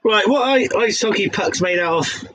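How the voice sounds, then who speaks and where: Reading out pub quiz questions in a casual chat, a young man from Devon, England, laughs, swears and trips over his words. He has a high, fairly bright voice at a moderate pace, captured in a rough recording.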